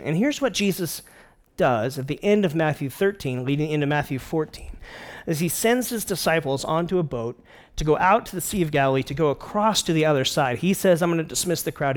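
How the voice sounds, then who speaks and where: A middle-aged man preaching a casual sermon, retelling a scripture story with jokes and playful quoted voices. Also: on the high side. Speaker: pastor.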